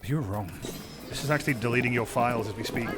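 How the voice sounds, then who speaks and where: A man's voice: mid-range voice, quick pace, loud music behind the voice. A man streaming a game, rambling and joking, swearing a lot and mumbling asides. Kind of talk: casual gameplay commentary.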